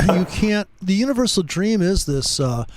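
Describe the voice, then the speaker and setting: A man's voice: sits high, very animated, normal speed, noisy background. A man hosting a casual trading chat, rambling through stories and swearing freely as he talks over charts. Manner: rambling, profane, storytelling. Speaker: trading show host.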